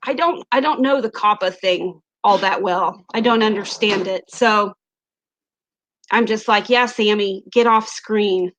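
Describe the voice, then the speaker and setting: A woman's voice: mid-range voice, a little slow, fairly bright tone. A chatty woman with an Ozarks accent who hosts a casual livestream, giggling often and reading viewer comments aloud into a webcam mic. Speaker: livestream host.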